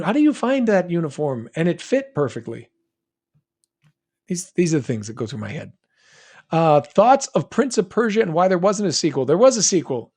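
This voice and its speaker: An American man with a General American accent answering fan questions on a live stream, chatty and joking, with quick asides and restarts. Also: on the high side, darkish tone. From United States. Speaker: guest voice actor answering fan chat. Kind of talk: live stream Q&A, reading chat questions aloud.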